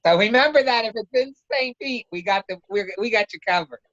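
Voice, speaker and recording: A woman's voice: fairly high pitch, a little fast, a bit bright, no echo. A woman talks from her couch at home over a video call. She rambles, restarts her sentences and lets them trail off. Her call audio sounds dull and lo-fi, and the sound is dry and close with no room around it. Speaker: independent travel agent in training. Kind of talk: casual video call chat. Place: home, sitting on a pull-out couch.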